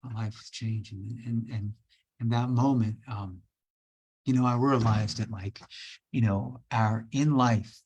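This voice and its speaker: A man speaks in a low, husky voice, telling his own story as an interview guest. He is emotional and earnest, often repeating phrases and starting over mid-sentence. The delivery is an unscripted personal testimony. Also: steady tone, unhurried, darkish tone.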